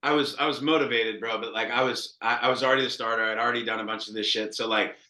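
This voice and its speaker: A man in his thirties coaching quarterbacks, talking in a loose, cursing, storytelling way. His voice is bright and forceful. It rings out in an echoey room. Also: mid-range voice, fast talker. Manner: profane, animated storytelling with acted quotes. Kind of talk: casual coaching talk.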